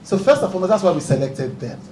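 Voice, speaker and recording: A man's voice: sits high, big pitch swings, quick pace. A man, a talk show host speaking earnestly and emphatically at a press conference, often breaking into laughter. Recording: echoey room, distant mic, background noise.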